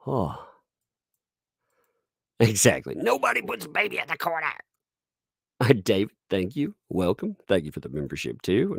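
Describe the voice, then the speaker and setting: Give me a sarcastic male streamer with a lively, bouncing pitch, recorded dry and close. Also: no room sound. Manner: mocking, sarcastic, laughing often; puts on squeaky mocking voices when quoting people. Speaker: live-stream host. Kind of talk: live-stream commentary reading chat.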